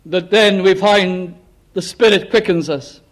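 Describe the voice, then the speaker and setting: A man's voice: high voice, measured pace. A man preaching a sermon with fervent, rhythmic emphasis and repeated refrains. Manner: fervent, rising to emphatic repeated cries then dropping to hushed close.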